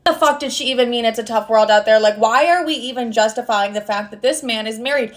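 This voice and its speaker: A woman in her twenties telling a personal story in a casual, animated, sarcastic way, swearing often. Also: fairly high pitch, moderate pace, few pauses. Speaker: storytime vlogger.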